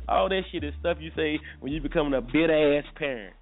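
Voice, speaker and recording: A man's voice: fairly high pitch, quick pace. A man hosting a casual morning talk show, joking loosely and repeating himself. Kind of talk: casual radio chat. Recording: phone-line sound, faint music.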